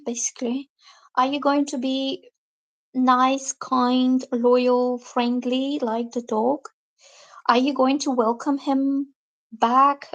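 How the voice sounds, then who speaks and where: A woman with a fairly high voice reads tarot on a live stream in a chatty way. She explains each card to her viewers and reads their comments aloud. Now and then she acts out the reactions a person might have. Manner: lively, acts out quoted reactions. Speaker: tarot reader.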